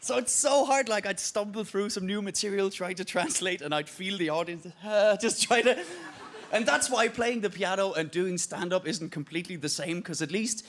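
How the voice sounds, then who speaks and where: A man's voice: sits high, moderate pace. A Danish man with an Irish-tinged accent, doing a self-deprecating stand-up set and acting out voices as he tells stories. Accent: Irish-tinged English. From Denmark. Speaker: stand-up comedian. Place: comedy stage. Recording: loud background noise from a live show.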